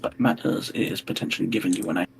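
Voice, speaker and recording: A man's voice: low voice, vocal fry, slight background noise. A man playing a tabletop naval wargame, hesitantly announcing which ship fires at which. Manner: hesitant, pauses with ums before moves. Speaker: player. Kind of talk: casual tabletop game chat.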